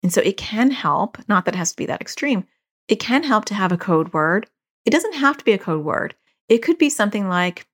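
With a medium-pitched voice marked by big swings in pitch, a forty-something podcast host and parenting coach speaks at normal speed. Her casual parenting advice returns again and again to key phrases for emphasis.

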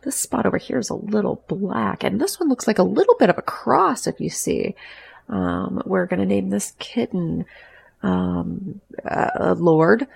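A woman's voice: mid-range voice, lively intonation, measured pace, gravelly, darkish tone, a little hiss or hum. A woman playing in a tabletop game who narrates her character's actions in a rambling, hesitant way. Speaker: player.

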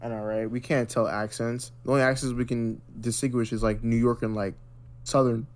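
A man's voice: mid-range voice, flat delivery, brisk. An American man co-hosting a podcast, chatting casually and full of slang and filler words. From United States. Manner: slangy, says bro and freaking a lot. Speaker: podcast co-host. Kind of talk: casual chat.

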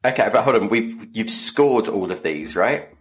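A man's voice: on the low side, lively intonation, normal speed. A man co-hosting a podcast, chatting casually and telling stories with dry, self-mocking humor. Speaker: podcast co-host. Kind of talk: casual chat.

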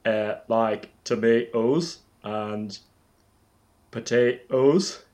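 A man co-hosting a comedy podcast who makes dry, deadpan jokes in casual chat. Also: mid-range voice, drawn-out words. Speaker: podcast co-host.

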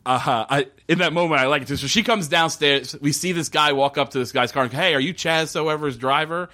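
A man co-hosting a casual podcast, retelling a TV episode with lively storytelling and swearing. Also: on the high side, quick pace. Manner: animated storytelling, quoting characters in shifting voices, swearing. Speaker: podcast co-host recapping a TV episode. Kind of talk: casual chat.

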